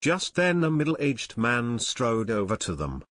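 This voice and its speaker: A man reading an unabridged audiobook aloud as its narrator, in steady scripted narration. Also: mid-range voice, measured pace.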